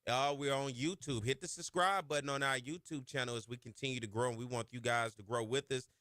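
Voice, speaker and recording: A man hosting a sports talk radio show, chatting casually in folksy slang and getting loud and high when he hypes a point. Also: steady tone, fairly quick, no echo, studio quality. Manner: folksy Southern slang, chatty asides to his producer. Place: radio studio. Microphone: studio microphone.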